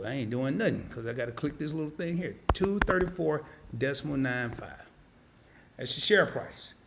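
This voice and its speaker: A man's voice: on the high side, creaky, a little hiss or hum. A man hosting an investing live stream, casually walking viewers through calculations on screen, thinking aloud and correcting himself as he clicks. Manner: casual and folksy, talks to viewers as y'all. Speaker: investing channel host.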